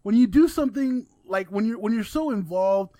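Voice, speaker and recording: A man co-hosting a podcast, arguing his point in opinionated casual chat and swearing as he goes. His voice is high and swings widely. The recording is dry and close. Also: expressive, normal speed, mellow, dry recording. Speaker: podcast co-host.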